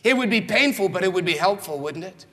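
Lively man preaching in a reverberant hall. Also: high-pitched, a little fast. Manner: animated and rhetorical, acts out quoted voices. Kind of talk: sermon.

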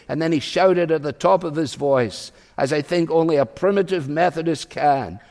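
A pastor telling a story in his sermon, acting out the quotes and building to shouted climaxes. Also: a little high, normal speed, gravelly, long reverb tail.

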